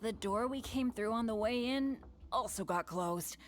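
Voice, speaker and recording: A woman's voice: fairly high pitch, a little slow, lightly acted. A woman voicing a cheerful, apologetic teenage boy adventurer in a game. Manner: upbeat, apologetic. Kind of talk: game voice acting.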